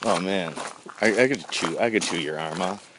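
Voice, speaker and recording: Over a noisy background, a podcast host with a low-sitting voice speaks at a moderate pace. His casual comedic chat is goofy and joking, with sing-song bits.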